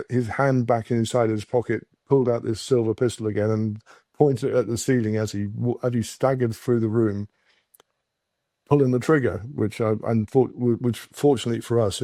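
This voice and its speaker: English male guest, low mellow voice, dry close sound, halting storyteller. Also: no echo. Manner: halting, many restarts and fillers. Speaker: podcast guest. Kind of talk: casual storytelling.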